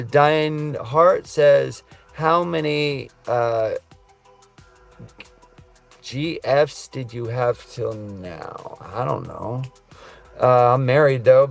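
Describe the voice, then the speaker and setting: Middle-aged trucker streamer, gravelly voice, casual and earnest, faint music behind. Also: male voice, mid-range voice. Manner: rambling, earnest, says man and brother a lot. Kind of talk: casual live stream chat reading comments. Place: truck cab.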